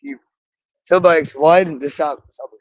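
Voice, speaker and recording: A man's voice: on the high side, normal speed, no echo. A man in an agitated, rambling monologue, cursing often and repeating himself. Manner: agitated, profane, repetitive.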